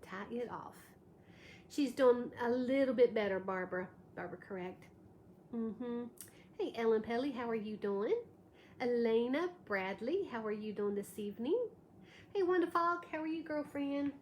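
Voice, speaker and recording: A woman's voice: on the high side, moderate pace. A tired woman hosting a live craft tutorial, thanking viewers by name as she demonstrates. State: a little tired, allergies. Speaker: craft livestream host. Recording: echoey room with faint background noise.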